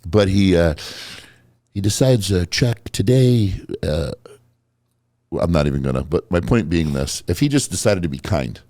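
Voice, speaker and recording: A man's voice: deep voice, lively intonation, moderate pace, mellow, no echo, clean studio sound. A man hosting a podcast, telling stories in a blunt, profane way with a stuffy nose. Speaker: podcast host. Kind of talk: casual podcast chat.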